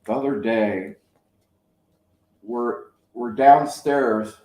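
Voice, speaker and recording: Male, 50s, channel host: dark, mellow voice, loose rambling chat, roomy echo. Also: medium pitch, very slow. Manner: rambling, anecdotal storytelling. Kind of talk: casual chat. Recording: echoey room.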